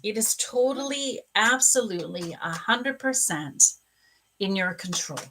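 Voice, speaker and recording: Bright-voiced gushing psychic woman. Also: mid-range voice, animated, measured pace. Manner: gushing, emotional, warm-hearted talk. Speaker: psychic medium doing live readings. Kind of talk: live-stream card reading.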